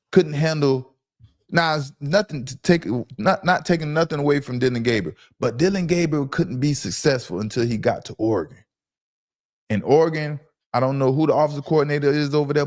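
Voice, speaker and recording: A man hosting a casual sports talk livestream from home, loud and brash, trash-talking his commenters. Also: fairly high pitch. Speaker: podcast host.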